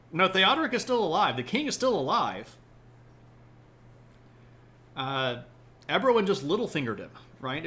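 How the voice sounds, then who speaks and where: A man's voice: a little high, bright, forceful tone. A man hosting a casual livestreamed history talk, explaining events in a joking, chatty way and often checking in with "right?". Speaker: history podcast host.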